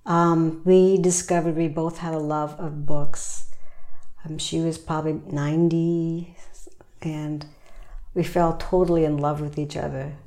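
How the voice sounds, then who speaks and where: Woman volunteer, low warm voice, soft and halting. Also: flat delivery. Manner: halting and soft, with frequent pauses. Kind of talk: reflective personal storytelling.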